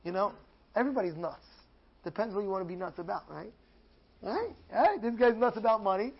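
A man giving an animated Torah class as a rabbi, acting out dialogues and repeating phrases with mounting excitement. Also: high-pitched, fairly quick, vocal fry, husky, dull audio. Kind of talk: animated sermon.

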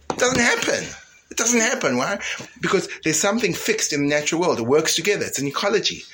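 Animated man teaching, loud then hushed. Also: a little high, fast talker, a little hiss or hum. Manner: frequent fillers and restarts. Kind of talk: informal Torah class.

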